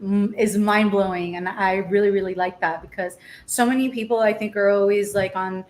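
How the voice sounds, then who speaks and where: A woman's voice: mid-range voice, fairly even intonation, moderate pace, darkish tone. A young woman hosting a casual chat while eating, talking openly and laughing easily. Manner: chatty, laughs easily, emotional and open. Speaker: host.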